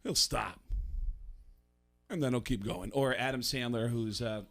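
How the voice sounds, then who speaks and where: A man from the Bronx, a comedian and voice actor, telling stories as a radio guest in a lively way, slipping into voices. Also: mid-range voice, a little fast, faint music behind. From the Bronx, New York. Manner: animated storyteller, slips into voices. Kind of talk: casual radio interview storytelling.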